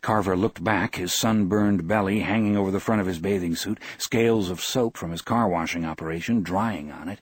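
Husky low-voiced male audiobook narrator. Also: no echo. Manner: measured, expressive reading. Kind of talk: scripted narration.

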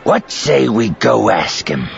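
A man's voice: lowish voice, big pitch swings, takes it slowly, creaky, slight background noise, pitched above the performer's own voice, full character voice. A man voicing a gloating, threatening male enforcer who growls his lines, in a dull lo-fi recording. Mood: gloating menace.

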